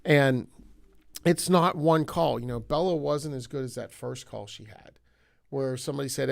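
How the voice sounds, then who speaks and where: A man's voice: mid-range voice, animated, moderate pace, creaky, dry recording, studio quality. A middle-aged man, a sales guest in a casual business chat who tells stories. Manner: storytelling, acts out quoted voices.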